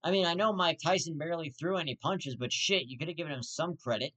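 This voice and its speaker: The host of a commentary vlog, a man with a fairly high, bright, forceful voice, rants heatedly at a quick pace. His profane commentary is full of heavy swearing and repeated restarts.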